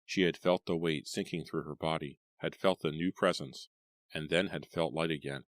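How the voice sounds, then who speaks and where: Deep-voiced male audiobook narrator. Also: dry recording, studio quality. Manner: steady, dramatic storytelling. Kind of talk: scripted narration of a horror novel.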